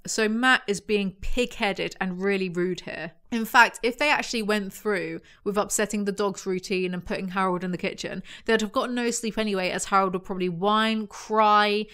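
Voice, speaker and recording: A woman's voice: mid-range voice, fairly bright tone, clean tone. A young woman giving casual, sarcastic commentary as a book reviewer. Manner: blunt, sarcastic.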